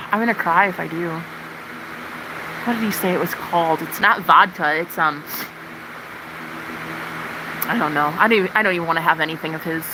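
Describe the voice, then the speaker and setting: A woman's voice: lowish voice, normal speed, pauses often, noisy background. Brash, profane woman livestreamer. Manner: profane, animated ranting to chat. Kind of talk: casual livestream chat.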